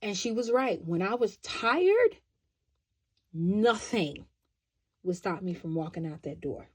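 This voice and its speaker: A woman giving a pick-a-card tarot love reading, chatty and expressive, often checking in with "right?". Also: mid-range voice, slow pace, husky.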